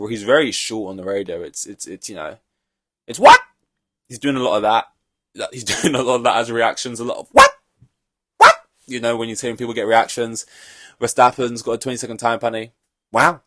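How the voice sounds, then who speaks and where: A man's voice: mid-range voice, fairly quick, a bit bright, dry recording, clean studio sound. A young man hosting a solo podcast, reacting to a race in an offhand, rambling way, swearing freely. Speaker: podcast host.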